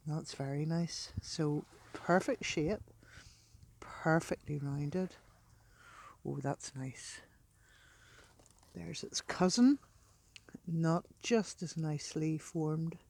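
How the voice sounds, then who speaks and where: Slow soft-spoken woman. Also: deep voice, gravelly, husky. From Northern Ireland. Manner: soft-spoken, delighted exclamations, drifts to a near whisper. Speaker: beachcombing vlogger. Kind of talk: casual narration while walking. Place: outdoors on a rocky beach.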